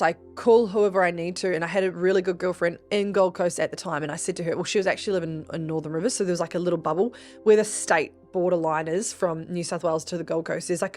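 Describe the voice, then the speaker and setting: Young adult Australian woman, podcast host; relaxed, slightly low voice; chatty storyteller who curses freely. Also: fast, faint music behind. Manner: chatty, swears freely, acts out quoted voices. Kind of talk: casual storytelling monologue.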